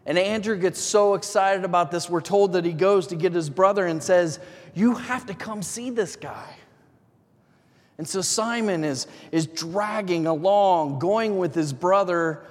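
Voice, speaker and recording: A man's voice: fairly high pitch, a little mellow. A man preaching a sermon as a pastor, talking in a conversational way, asking many questions with light chuckles. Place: church sanctuary. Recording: long reverb of a large hall.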